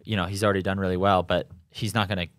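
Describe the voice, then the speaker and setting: A young man with a lowish voice tells his stories in a loose, rambling way, with lots of restarts and fillers. The sound is close and dry, with no room around it. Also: flat delivery, rapid-fire, fairly bright tone, no echo. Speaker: professional triathlete guest. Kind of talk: casual conversational interview. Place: home in Boulder.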